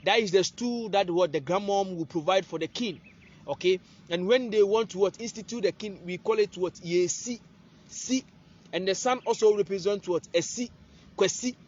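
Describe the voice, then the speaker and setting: A man's voice: high voice, moderate pace, highs cut off. A man gives an informal spiritual lesson, often asking "what?" and answering himself, recorded on a phone. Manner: rhetorical questions, prompting "what?". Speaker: spiritual teacher. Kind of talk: casual teaching monologue.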